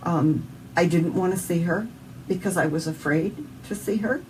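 A woman's voice: lowish voice, moderate pace, recorded from a distance, a little hiss or hum, rough recording. A woman with a Southern US accent sharing an earnest, emotional personal faith testimony as an interview guest.

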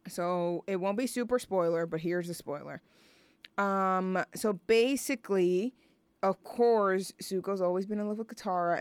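A woman's voice: medium pitch, clear, resonant tone, no room sound. A young woman hosting a radio show, chatting casually and rambling between songs with lots of fillers.

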